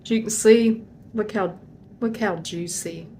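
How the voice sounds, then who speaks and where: A woman's voice: mid-range voice, measured pace, warm tone, a little hiss or hum. A woman hosting a home cooking video, talking in a chatty, folksy way as she shows a dish. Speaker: home cooking channel host. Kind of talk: casual cooking demonstration.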